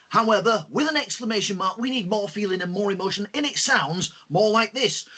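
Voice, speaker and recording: Man, online lesson host, high-pitched, husky, lively teacher manner. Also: brisk, few pauses. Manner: lively, expressive teacher talk with fillers. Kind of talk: online lesson for school pupils.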